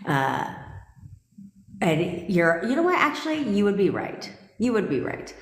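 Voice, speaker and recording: A woman's voice: medium pitch, sing-song, measured pace. A woman manifestation coach on a live stream, talking bluntly and intensely with lots of swearing, repeating her points and answering viewer comments. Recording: echoey room with long reverb.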